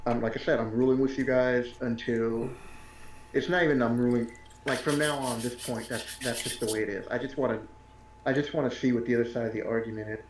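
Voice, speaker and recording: A man's voice: mid-range voice, fairly even intonation, a little fast. A man running a tabletop game, chatting casually and rambling with lots of fillers after the session. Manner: rambling, filler-heavy, easygoing. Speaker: game master. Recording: echoey room with faint noise.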